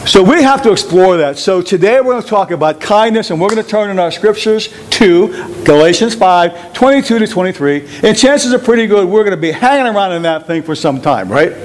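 A male pastor preaching a sermon, animated and emphatic, often putting questions to the congregation. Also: high-pitched, a little fast, few pauses, rough recording.

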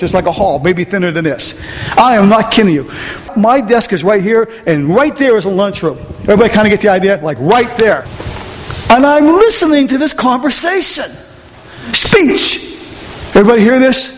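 High-pitched guy preaching, chatty and emphatic, church echo and a little hiss. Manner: emphatic, repetitive, conversational preaching. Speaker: pastor. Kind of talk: sermon. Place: church sanctuary. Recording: reverberant church hall, faint noise.

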